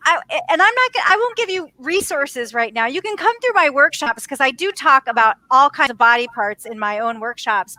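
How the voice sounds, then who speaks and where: High, bright-voiced energetic woman in her fifties. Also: no echo. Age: 50s. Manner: energetic, emphatic, addresses listeners as ladies. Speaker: podcast guest, leadership coach. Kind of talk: casual interview conversation.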